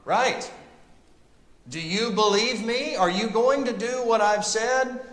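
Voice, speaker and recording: A man teaching a Bible class, talking to the group in an animated, emphatic way. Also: very high-pitched, takes it slowly. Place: church classroom. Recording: echoey room with long reverb.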